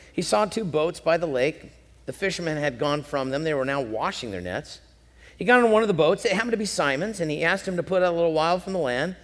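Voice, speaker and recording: A male pastor delivers an animated sermon, rising to loud, drawn-out emphasis and then sinking low and quiet. His voice sits a little high for a man. The sound carries a long reverb, as in a large church sanctuary. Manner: animated preaching, swings between loud emphasis and quiet lows.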